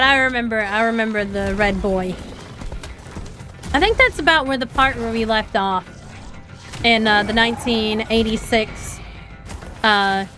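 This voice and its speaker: A woman's voice: fairly high pitch, bright, forceful tone. A young woman with an Appalachian accent, chatting casually and rambling while streaming a game, laughing often. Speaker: VTuber streamer.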